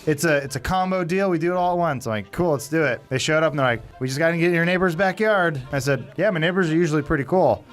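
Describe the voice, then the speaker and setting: Guy with a slightly higher voice rambling through a long story, acting out everyone's lines, faint music in the back. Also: quick pace, hardly any pauses, a bit bright. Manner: rambling anecdote, acts out other people's lines. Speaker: show regular telling a story. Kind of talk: casual gaming banter.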